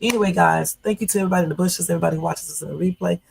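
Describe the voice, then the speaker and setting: A woman's voice: fairly low pitch, rapid-fire, vocal fry, a little mellow, husky, rough recording. A woman in her fifties hosting a casual livestream from home, chatty and full of fillers, turning blunt and confrontational. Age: 50s. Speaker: YouTube livestream host.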